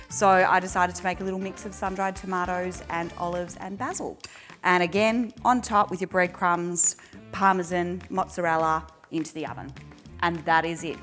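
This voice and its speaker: A woman hosting a home cooking video, chatting casually and thinking out loud as she works. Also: lowish voice. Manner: chatty, self-deprecating, thinks aloud.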